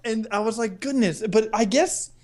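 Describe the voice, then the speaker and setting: Laughing, animated podcast co-host man. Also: high voice, normal speed. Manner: excitable, laughs often, animated. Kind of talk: casual movie-review chat.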